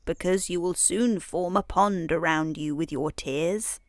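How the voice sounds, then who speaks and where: A woman voicing a fussy talking male frog in a gentle bedtime story. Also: fairly low pitch, measured pace, dry recording. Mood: coaxing.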